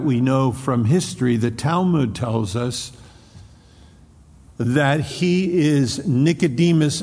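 A man's voice: medium pitch, gravelly, darkish tone, husky. A man preaching a sermon, retelling scripture as a story and acting out the quotes, often restarting his words. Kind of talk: expository sermon. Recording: long hall reverb.

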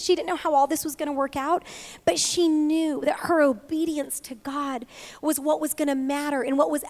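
A woman with a high, light voice preaching to a room of women. She speaks earnestly about faith and obedience, her words heartfelt and openly emotional, rising with conviction as she encourages her listeners. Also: darkish tone. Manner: earnest, emotional, tearful at times. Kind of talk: sermon to a women's gathering.

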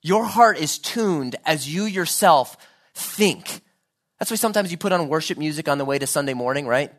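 A man's voice: a little high, lively intonation, normal speed, a bit bright. A man preaching a sermon, earnest and building to fervent pleading.

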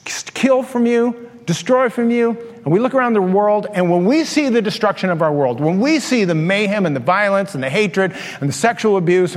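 An older male pastor in his sixties preaches with a high, lively voice, telling stories with plenty of animation. He laughs at his own tales and acts out the scenes. The voice rings with the long reverb of a large hall. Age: 60s. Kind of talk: sermon with personal storytelling.

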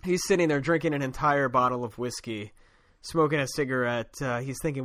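A man's voice: mid-range voice, fairly quick, fairly bright tone, dry recording, clean studio sound. A man co-hosting a podcast, retelling a comic story in casual chat, laughing often and loosely acting out the characters' lines. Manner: chatty, laughs often, acts out quotes loosely. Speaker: podcast co-host.

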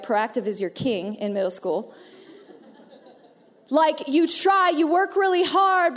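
A woman in her thirties preaching a sermon in a church auditorium, playful and joking with the congregation. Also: high voice. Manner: playful, joking, animated asides. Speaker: pastor. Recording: reverberant church hall.

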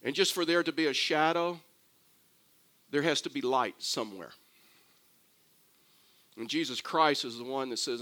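Bright-voiced older preacher, storytelling. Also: male voice, medium pitch, normal speed, pauses often. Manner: storytelling, animated preaching with asides. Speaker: pastor. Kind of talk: sermon.

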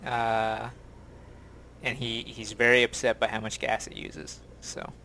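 A man's voice: medium pitch, monotone, a little slow, gravelly, bright, forceful tone, a little hiss or hum. A man co-hosting a podcast in casual chat, making dry, wry quips. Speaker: podcast co-host.

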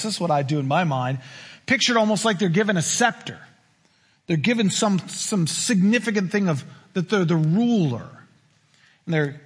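A man pastor preaching a sermon in a conversational style, acting out quoted lines, with a husky voice in a reverberant church. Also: high-pitched, a bit bright. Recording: reverberant hall.

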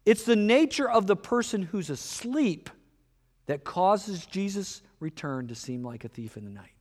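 Man, pastor, sermon, animated, acts out voices, fairly high voice, long hall reverb. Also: measured pace. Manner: animated, acts out dialogue with shifts in pitch and loudness.

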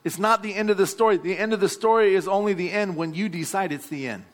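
A male pastor preaches a sermon, exhorting and calling out to his congregation. His voice is high and he talks fast.

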